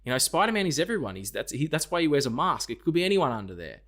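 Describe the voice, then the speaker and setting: A man's voice: a little high, very animated, racing, fairly bright tone. A man co-hosting a casual film podcast, swearing freely and acting out scenes in quoted voices. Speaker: podcast co-host.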